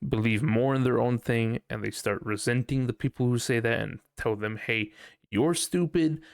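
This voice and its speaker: Male podcast host, gravelly voice, dry close sound, loose, profane, rambling solo chat. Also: mid-range voice, steady tone, a little fast, dry recording. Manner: rambling, profane, unsure musing. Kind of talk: casual solo podcast monologue.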